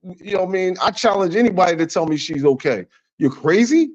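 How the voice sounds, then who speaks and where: Man, call-in guest, blunt, emphatic, dull lo-fi audio, fairly high voice. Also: expressive, fairly quick. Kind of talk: casual call-in chat.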